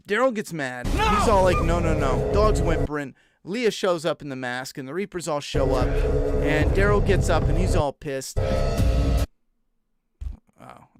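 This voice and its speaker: A man's voice: fairly high pitch, clean tone, dry recording, studio quality. A young man reviewing a TV episode in an exasperated, incredulous rant, swearing freely. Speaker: TV show reviewer. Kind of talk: casual profane review rant.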